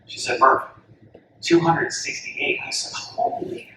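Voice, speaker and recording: A man giving a coaching talk to an audience, telling a lively story and acting out the voices of the people in it. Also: measured pace. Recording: echoey hall from far off, faint room noise.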